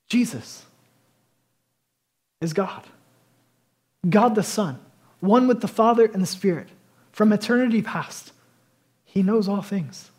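A man preaching a sermon as pastor, swinging between emphatic loud declarations and quieter conversational asides. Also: high-pitched, takes it slowly, long pauses, husky.

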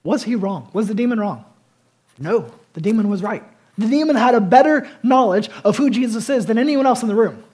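A man preaching a passionate sermon, swinging between loud emphasis and quiet intensity. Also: high-pitched, expressive, brisk, breathy edge. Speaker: pastor.

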